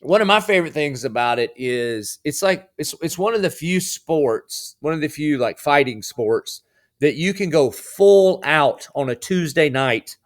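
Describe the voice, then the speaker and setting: A man who is a pastor, guesting on a podcast in casual interview chat, relaxed and brotherly, and he slips into preaching now and then. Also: a little high, a little slow.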